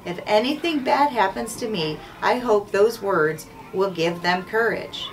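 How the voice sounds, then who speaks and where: A woman's voice: medium pitch, expressive, measured pace. A woman voicing a grave, commanding army captain while reading a storybook aloud. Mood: solemn. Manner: firm, solemn read-aloud delivery. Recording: distant mic, faint background noise.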